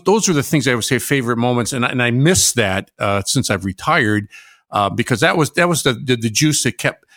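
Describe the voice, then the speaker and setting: A man's voice: lowish voice, fairly bright tone, no echo. Earnest older man, dry close sound. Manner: earnest, halting with many restarts. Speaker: retired welding instructor and pastor. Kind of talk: reflective conversation.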